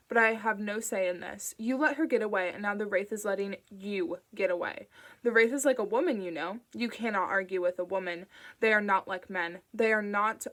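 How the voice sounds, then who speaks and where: A woman voicing a calm, falsely kind sinister man who speaks in a patronizing tone. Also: mid-range voice, natural voice.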